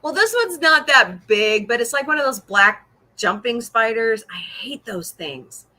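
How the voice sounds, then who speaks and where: A woman's voice: a little high, lively intonation, measured pace, pushed and bright. A middle-aged woman from Missouri hosting a casual livestream chat, talking freely, laughing often and answering viewer comments. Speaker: podcast host.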